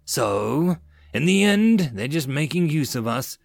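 A man's voice: a little high, expressive, moderate pace, gravelly, dry recording, voice pushed up. A man voicing a scheming, angry ex-slave rebel leader who hisses with bitter fervor. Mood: scornful. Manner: hissing, bitter, fervent.

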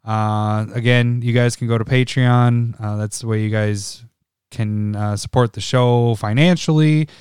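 A man co-hosting a podcast, chatting loosely and laughing between thoughts. His voice is smooth and clear, recorded close and dry with no room sound. He has had a couple of beers. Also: mid-range voice, steady tone, measured pace, a little mellow, dry recording. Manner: laughs often, rambling and self-deprecating. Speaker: podcast co-host. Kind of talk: casual chat.

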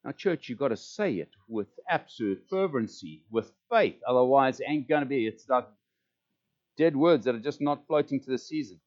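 A man's voice: medium pitch, animated, normal speed, a little mellow. South African male pastor, emphatic preacher who repeats words, muffled lo-fi recording. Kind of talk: sermon. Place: church service. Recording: dull lo-fi recording.

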